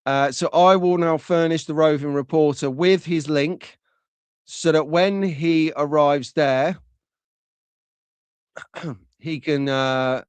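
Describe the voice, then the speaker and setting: A man's voice: on the high side, clear, resonant tone, dry recording. A man hosting a live stream in a chatty, rambling, jokey way, greeting viewers by name. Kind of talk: casual live-stream chat with viewer shout-outs.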